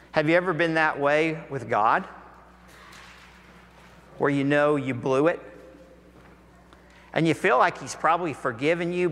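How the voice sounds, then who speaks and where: Earnest and full of rhetorical questions, a pastor delivers a sermon, his voice climbing when he presses a point. It's a mid-range, slightly bright voice in a long hall reverb.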